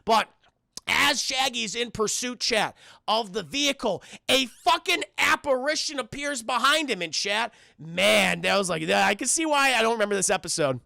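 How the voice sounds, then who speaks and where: A man's voice: very high-pitched, animated, normal speed, creaky, sharp tone, no echo, clean studio sound. A man casually recapping a cartoon episode for his live chat, rambling and profane, talking straight to the viewers. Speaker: streamer reviewing a cartoon.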